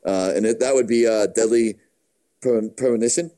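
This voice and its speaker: A man's voice: on the low side, moderate pace, dark tone. A man co-hosting a casual gaming chat, easygoing and meandering, often correcting himself. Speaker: podcast co-host.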